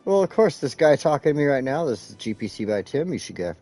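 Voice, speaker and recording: A man's voice: mid-range voice, sing-song, fast talker, dark tone, a little hiss or hum. A man hosting a casual live game stream, rambling and swearing as he talks to his chat while clicking through menus. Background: faint background music.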